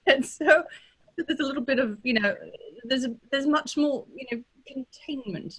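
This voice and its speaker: A woman with a Californian accent, teaching as a dialect coach and demonstrating sounds in a lively way, often checking in with "right?". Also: high-pitched, moderate pace. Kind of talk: teaching pronunciation in a workshop.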